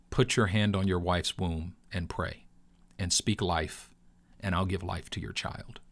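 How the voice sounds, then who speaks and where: A middle-aged man, host of his own channel, talking earnestly in a preacher-like way with long pauses, telling a personal story. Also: deep voice. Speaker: crypto video host. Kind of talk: heartfelt personal talk.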